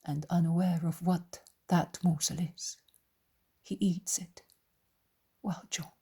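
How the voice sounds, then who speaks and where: 轻声耳语朗读的女声有声书旁白. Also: female voice, on the low side, steady tone, takes it slowly, husky. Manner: soft, hushed, mostly whispered delivery. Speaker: audiobook reader. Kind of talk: whispered audiobook narration.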